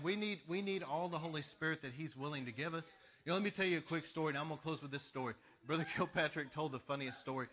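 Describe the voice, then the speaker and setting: A male pastor delivers a sermon, animatedly telling stories and pausing for laughter between lines. His voice is fairly high.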